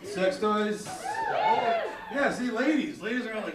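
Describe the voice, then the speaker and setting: A high-pitched man works a small theater stage with a crude, animated stand-up routine. He is heard from a distance in a roomy space, and loud crowd laughter rolls in behind him. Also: measured pace. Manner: crude, animated, slips into mocking voices. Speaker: stand-up comedian. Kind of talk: stand-up comedy set.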